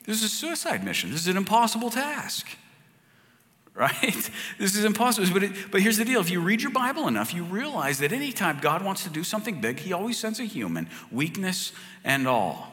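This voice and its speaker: A man preaching a sermon as pastor, conversational, swinging from loud to hushed. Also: high-pitched, wildly swooping pitch, a little fast. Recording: long hall reverb.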